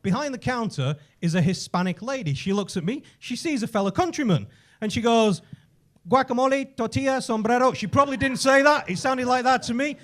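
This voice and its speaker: An English comedian with a strikingly high voice that swings up and down as he spins stories. His storytelling is profane and animated, and he shouts out the punchlines. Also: brisk. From England. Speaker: stand-up comedian. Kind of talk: stand-up comedy set. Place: comedy club stage.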